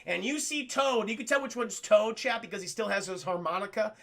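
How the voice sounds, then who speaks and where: A man casually recapping a film for his livestream chat, excitable and profane, often calling out to the chat. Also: high voice, a little fast, vocal fry. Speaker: streamer film reviewer.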